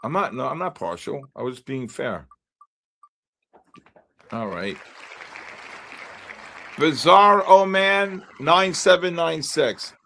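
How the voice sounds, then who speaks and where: A man's voice: on the high side, expressive, takes it slowly, gravelly, pauses often, bright, forceful tone, a faint crowd, a little hiss or hum. A man hosting a live trading stream, calling out viewer names one by one like an auctioneer. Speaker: livestream host.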